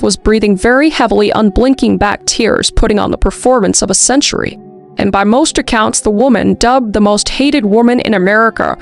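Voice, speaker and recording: Young woman true-crime podcaster, slightly high with vocal fry, chatty and snarky, faint music under her. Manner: chatty, with snarky asides and frequent "like". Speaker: podcast host. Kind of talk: casual true-crime storytelling.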